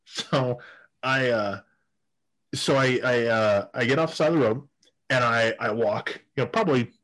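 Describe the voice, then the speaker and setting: A man's voice: mid-range voice, normal speed, fairly bright tone. A man telling crude stories in a casual podcast chat, laughing often and restarting his sentences. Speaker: guest storyteller.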